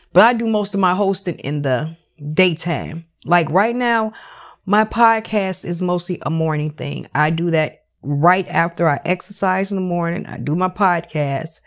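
A woman hosting her own podcast, talking alone in a casual monologue, blunt and animated, swearing freely and leaning on "you know". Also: fairly low pitch. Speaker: podcast host.

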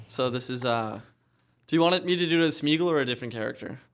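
A young man co-hosting a podcast, telling an animated story in casual chat. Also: medium pitch, quick pace. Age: young adult. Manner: animated storyteller who does impressions. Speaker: podcast co-host.

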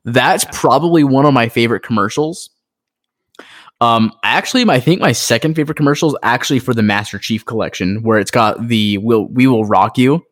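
A man co-hosting a casual gaming podcast, talking in an excitable, rambling way with lots of fillers. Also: mid-range voice, fairly quick. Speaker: podcast co-host. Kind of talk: casual chat.

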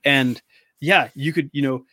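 A man's voice: medium pitch, a little slow, sharp tone, no room sound. A man from Canada telling stories in casual chat as a guest, full of fillers and easy laughs.

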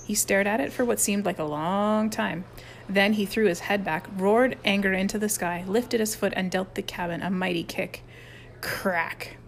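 A woman's voice: mid-range voice, moderate pace, gravelly, a little hiss or hum. A woman narrating a children's chapter book aloud, reading expressively. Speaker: audiobook reader. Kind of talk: storybook narration.

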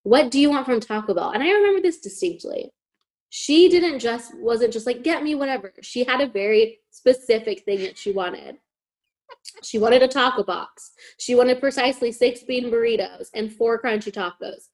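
Animated young woman telling a story. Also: on the high side, moderate pace. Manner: animated, swearing, heavy use of "like". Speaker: podcast host. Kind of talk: casual storytelling chat.

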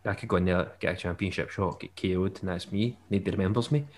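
Speaking quickly in a low, slightly mellow voice, a young podcast co-host keeps the conversation casual and chatty. He jokes around and breaks into bursts of laughter.

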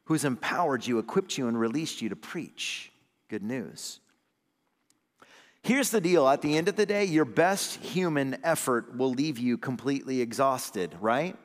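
A man, an associate pastor, preaching a sermon with call-and-response amens, swinging between loud emphatic lines and low hushed ones. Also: animated, measured pace, in a large hall.

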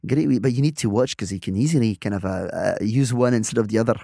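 A man's voice: on the low side, fast talker, vocal fry, warm tone, no room sound. Man, playful teaching chat, dry close studio sound. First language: French. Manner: playful, repeats words when restarting. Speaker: co-presenter, native-speaker teacher.

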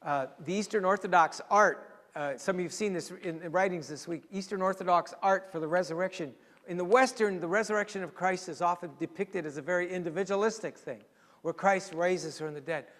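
High-voiced man preaching in a reverberant hall. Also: brisk. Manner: storytelling, dramatic shifts to a hushed voice for emphasis. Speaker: pastor. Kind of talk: sermon. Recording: long reverb in a large hall.

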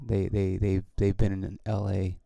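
A man's voice: low voice, monotone, unhurried, gravelly, warm tone, no room sound, muffled recording. A man hosting his own podcast, talking in a casual, rambling way with many restarts and frequent swearing. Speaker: podcast host and comedian.

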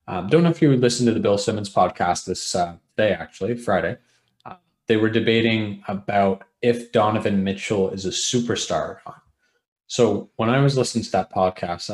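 Man, low voice, podcast co-host, easygoing basketball chat, echoey room. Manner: relaxed, conversational, asks questions. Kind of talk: casual sports podcast chat.

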